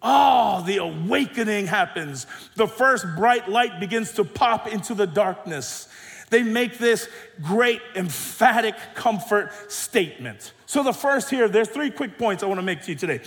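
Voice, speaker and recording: A middle-aged male pastor preaching a sermon with emphatic, dynamic delivery that swings between soft drops and loud rises. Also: high-pitched, expressive, measured pace, vocal fry. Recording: long hall reverb.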